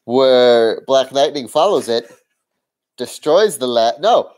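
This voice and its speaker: Man, mid-pitched voice, casual co-host, joking, riffing. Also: animated, slow pace, darkish tone. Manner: joking, spinning playful what-if bits. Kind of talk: casual TV recap chat.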